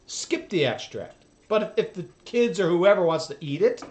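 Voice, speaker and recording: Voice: mid-range voice, lively intonation, moderate pace, a little mellow, roomy sound. A reaction video host commenting in a blunt, profane, casual way and laughing often.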